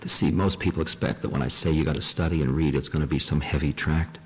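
A man, a spiritual teacher, in a relaxed, conversational talk with small fillers. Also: rumbling low, fast, long reverb tail, a little hiss or hum. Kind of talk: casual spiritual talk with readings.

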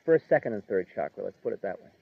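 Chatty spiritual teacher, tinny dry tape. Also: male voice, fairly low pitch, animated, fast talker, gravelly, slightly rough, no echo. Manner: conversational, chuckling, lots of "like" and "you know". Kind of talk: informal spiritual lecture. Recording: tinny narrow-band dry recording.

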